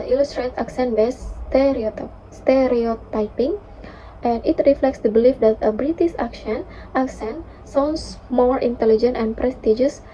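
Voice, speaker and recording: A woman's voice: on the high side, dark tone. Young woman reading a class presentation. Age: young adult. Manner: careful, halting reading with restarts and fillers. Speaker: student presenter. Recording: dull lo-fi sound with faint noise.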